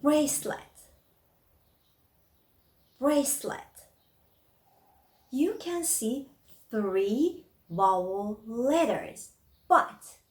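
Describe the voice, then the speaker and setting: Woman teaching real slow, every word spelled out, voice going up and down a lot, echoey room. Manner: slow, careful word-by-word delivery with lively pitch. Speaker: English teacher. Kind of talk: slow, drawn-out English lesson.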